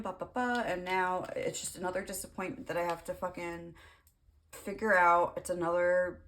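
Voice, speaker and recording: A young woman with a low voice talks through a tarot reading in a loose, rambling way. She packs her talk with fillers and drops the occasional swear word. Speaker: tarot reader. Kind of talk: casual tarot reading monologue.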